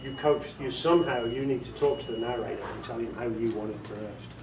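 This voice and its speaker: A man's voice: medium pitch, fairly quick. British man chatting through a workshop. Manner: chatty, joking, quizzes the audience. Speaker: audiobook director giving a workshop talk. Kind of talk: casual workshop talk. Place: meeting room with a small audience. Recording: echoey room, voice far from the mic, faint noise.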